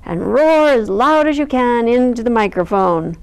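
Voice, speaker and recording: A woman's voice: on the high side, expressive, normal speed, clean tone. A woman voicing a stern male lion teacher who is hard to impress, speaking in a dry, instructive way in a picture-book story. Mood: instructing.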